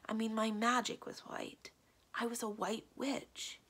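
A woman playing a breathy, anxious young witch. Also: on the high side, flat delivery, a little slow, voice pushed up. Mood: hushed. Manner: breathy, hushed, then pleading.

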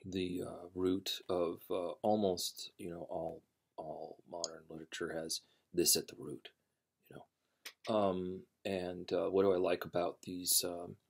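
A man hosting a storytelling channel, chatting casually before a reading, rambling and halting with many fillers and restarts. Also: sits low, flat delivery, vocal fry, breathy edge.

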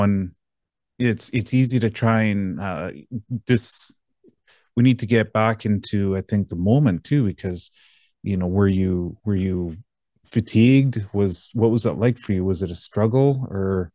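A man hosting an interview, asking questions in a halting way with many restarts. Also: on the low side, mellow, no room sound, studio quality. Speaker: podcast host. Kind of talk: casual interview.

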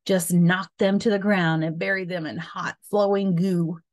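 A woman's voice: lowish voice, steady tone, a little slow, close to an everyday voice. A woman reading as an eager young schoolboy. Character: boy George, playful schoolkid, eager.

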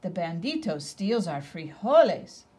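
A woman's voice: lowish voice, very animated, a little slow, mellow. A woman voicing the smallest male dog of the pack, breezy and slangy, in a picture book read-aloud. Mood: chatty. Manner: breezy, slangy, listing in a sing-song.

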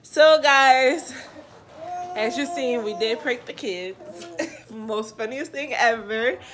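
A woman's voice: a little high, slow pace. A woman hosting a casual family vlog, playful and often laughing. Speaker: vlog host and mother.

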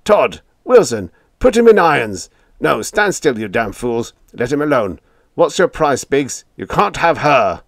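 A man voicing a gruff, hot-tempered old spaceship captain who roars and blusters in a radio-play style. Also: fairly low pitch, lively intonation, unhurried, no room sound, studio quality. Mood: raging. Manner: roaring, blustering.

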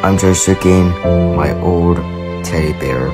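A man's voice: sits low, unhurried. A man voicing a brash young male tiger hero in a plush puppet show, trash-talking his foes. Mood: gentle. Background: music.

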